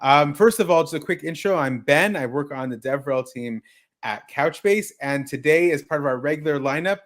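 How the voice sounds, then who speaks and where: A man hosting a tech livestream, energetic and exclamatory as he welcomes viewers and guests. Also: a little high, normal speed. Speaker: livestream host.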